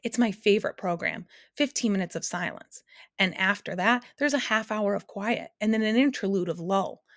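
A woman voicing the Soundkeeper, a lonely, chatty woman who keeps all sounds and speaks gently and gushingly. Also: mid-range voice, moderate pace, no echo, studio quality, natural voice. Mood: dreamy.

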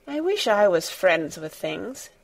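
A woman reading aloud, voicing an excitable invalid boy in a storybook. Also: mid-range voice, slow pace, full character voice. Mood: wistful.

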